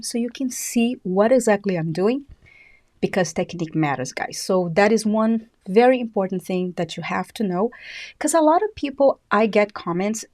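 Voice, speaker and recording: A woman with a Brazilian accent, a native Portuguese speaker, hosting a live skincare device tutorial and talking fast and excitedly. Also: medium pitch, no room sound, clean studio sound. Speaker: beauty channel host.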